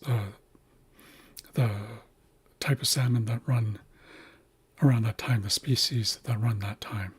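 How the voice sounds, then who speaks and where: A man teaching a language in a livestream lesson, speaking slowly and carefully and repeating words to show how they are said. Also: mid-range voice, darkish tone, husky.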